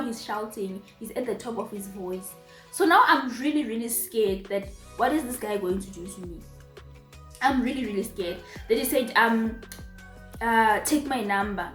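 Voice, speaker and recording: A young Zimbabwean woman telling a storytime vlog casually, with animated, emphatic repetitions. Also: fairly high pitch. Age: young adult. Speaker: vlogger. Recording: roomy echo, faint music.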